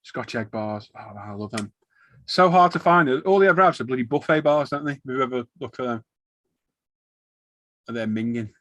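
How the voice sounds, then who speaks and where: A man's voice: medium pitch, a little fast, long pauses, no room sound. A man, hosting a live stream in casual chat and acting out funny shop stories. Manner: animated storyteller acting out shop exchanges.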